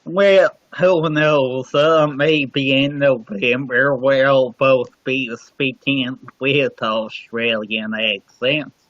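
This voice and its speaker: A man's voice: mid-range voice, steady tone, drawn-out words, few pauses, fairly bright tone, no room sound. A man joining a casual livestream chat as a guest from home, easygoing and laid-back. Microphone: computer mic on a livestream. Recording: dull, dry lo-fi stream audio.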